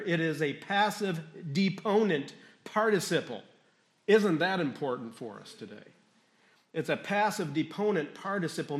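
A man's voice: sits high, roomy sound. A man preaching a sermon as pastor, teaching step by step, asking the congregation questions and repeating key phrases.

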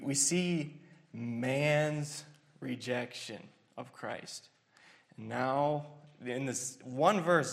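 Male preacher, gravelly and unhurried, earnest and halting delivery. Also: medium pitch. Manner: earnest, halting, with many fillers and restarts. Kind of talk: expository sermon.

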